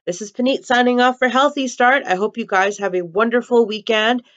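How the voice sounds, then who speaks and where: A woman's voice: on the high side, a little fast, a bit bright, muffled recording. A woman hosting an early-years program, speaking upbeat and directly to young children. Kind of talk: friendly sign-off to young children.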